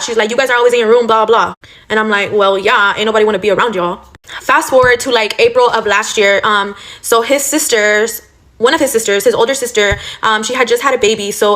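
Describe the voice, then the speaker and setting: A young woman rattles off a storytime rant at a brisk clip, her voice sitting a little high. She is blunt and swears freely, packing every sentence with "like" and "you know". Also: a bit bright. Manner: blunt and profane, full of fillers like "like" and "you know". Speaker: storytime vlogger.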